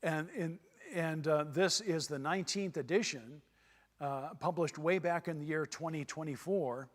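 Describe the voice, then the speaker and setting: In a church hall with long reverb, a seminar speaker from Texas lectures in a folksy way and goes over his points again for emphasis. He speaks at a measured pace in a fairly high voice.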